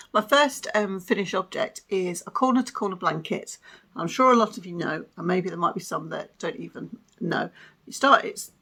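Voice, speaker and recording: A woman's voice: lowish voice, expressive, normal speed, sharp tone, husky. A woman hosting a crafting vlog, chatting casually at home with lots of ums, little laughs and self-deprecating asides. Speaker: crafting podcast host.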